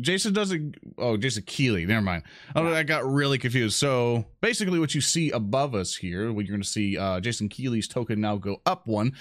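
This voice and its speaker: A man's voice: mid-range voice, dry recording, studio quality. A man co-hosting a tabletop game stream, chatting casually with playful, mock-dramatic asides. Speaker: player and stream co-host. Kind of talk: casual livestream chat.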